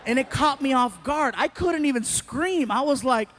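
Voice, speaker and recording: A man performing stand-up comedy, telling a story in an animated way with bursts of shouting. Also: very high voice, normal speed, a little hiss or hum.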